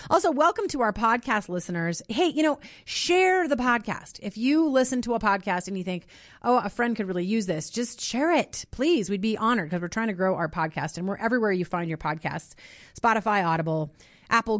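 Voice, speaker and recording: A woman's voice: mid-range voice, expressive, normal speed, a bit bright, no echo. A woman in her forties from Minnesota, hosting a radio show and podcast in a chatty, emotional way. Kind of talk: casual radio talk. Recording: dry studio mic with faint music.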